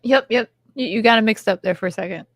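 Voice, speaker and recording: A woman's voice: a little high, no room sound, studio quality. A woman co-hosting a podcast in casual chat, dropping wry quips. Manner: wry, quick quips and laughs. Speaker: podcast co-host.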